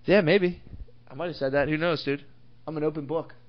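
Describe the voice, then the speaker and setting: A man's voice: a little high, steady tone, brisk. A young man co-hosting a podcast, chatting crudely and telling stories with lots of swearing. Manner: profane, storytelling, laughs often. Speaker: podcast co-host. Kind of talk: crude casual chat. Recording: dull lo-fi podcast audio.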